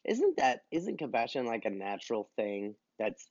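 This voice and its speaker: A man co-hosting a casual podcast chat, animated and quick to laugh, rambling between topics. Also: medium pitch, dry recording, highs cut off. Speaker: podcast co-host.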